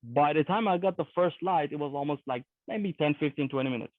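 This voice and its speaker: A man telling a personal story on a video call, earnest and halting, acting out the back-and-forth of what everyone said. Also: a little high, no room sound. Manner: talks in long runs of reported dialogue, earnest and halting. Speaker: team member giving a testimony. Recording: tinny phone-like call audio.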